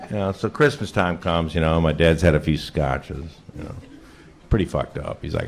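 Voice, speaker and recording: Man, stand-up storytelling, low pitch, audience laughter, loud room noise. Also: moderate pace, gravelly, a faint crowd. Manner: acts out his drunk father, shouting. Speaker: stand-up comedian.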